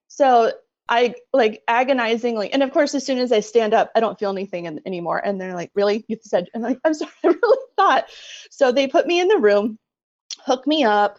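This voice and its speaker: A middle-aged woman telling her story as a podcast guest, animated and laughing often. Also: fairly high pitch, no echo, lo-fi sound. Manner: animated retelling, laughs often, acts out quoted voices. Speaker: guest, bereaved mother. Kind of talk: conversational storytelling.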